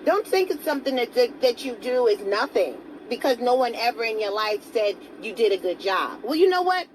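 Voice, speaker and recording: A woman's voice: fairly high pitch, very animated, a little fast, slight background noise, rough recording. A woman giving a motivational talk to camera as a self-help vlogger. She speaks earnestly and coaxingly, asks viewers direct questions and greets some of them by name.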